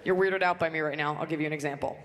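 A young woman from Southern California doing a stand-up comedy set on a club stage, brash and deadpan, acting out shrill squealing quarrels. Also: rapid-fire. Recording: big hall reverb with audience noise.

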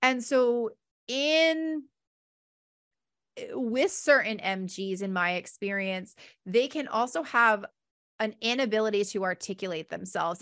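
Woman podcast coach, middle-pitched, chatty and expressive, dry close-mic sound. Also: dry recording. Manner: chatty and expressive, often asking "right?". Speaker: business coach and podcast host. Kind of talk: conversational podcast teaching.

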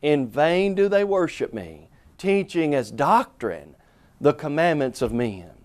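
A man preaching a televised sermon, earnest and emphatic, asking rhetorical questions and slowing down to stress key phrases. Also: fairly high pitch, darkish tone.

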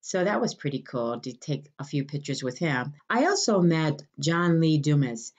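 A woman podcast host from Detroit tells a casual story to her listeners. Her pitch is a little low but swings widely, and she jumps up into a brighter voice when she acts out what people said. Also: moderate pace, breathy edge, lo-fi sound. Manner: animated, acts out quotes in a lively higher voice.

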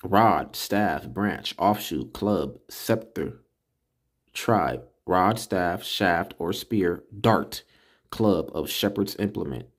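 A man giving a casual screen-recorded lesson, slowly sounding out syllables and repeating words to drill them. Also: deep voice, animated. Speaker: religious teacher. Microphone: computer mic while screen recording.

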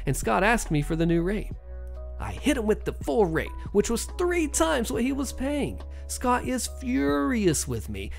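A narrator telling a first-person workplace revenge story in a sardonic, animated way. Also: mid-range voice, creaky.

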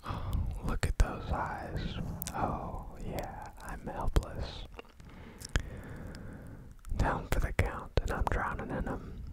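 A man voicing a young woman in love, in a whispered role-play of a rap, soft and low. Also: low-quality recording.

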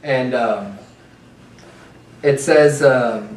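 A man's voice: medium pitch, drawn-out words, echoey room, distant mic. A man preaching a sermon in a church in a loose, conversational way, mocking his opponents with chanted slogans. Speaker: pastor. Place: church sanctuary.

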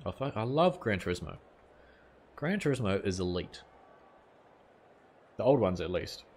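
Young New Zealand man, lowish voice, casual gaming streamer, reads chat aloud, light swearing. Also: big pitch swings, normal speed, a little mellow, slightly rough. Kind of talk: live gameplay commentary, chatting with viewers.

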